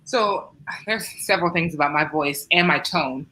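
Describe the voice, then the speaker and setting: Low, bright-edged monotone woman. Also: normal speed, poor audio. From Southern Ohio, US. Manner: fairly monotone yet forceful storytelling. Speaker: writer, panelist. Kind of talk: interview answers. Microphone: video call.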